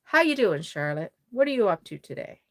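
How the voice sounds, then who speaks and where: A woman's voice: mid-range voice, sing-song, a little fast, a bit bright. A woman with a Cape Breton Maritime Canadian accent, hosting a casual livestream and chatting effusively with viewers while she works. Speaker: doll-making livestream host.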